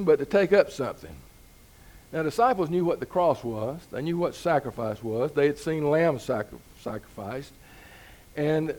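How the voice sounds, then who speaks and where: A man's voice: on the high side, creaky, darkish tone. A man preaching a sermon in a folksy, conversational way, building to emphatic peaks. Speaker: pastor.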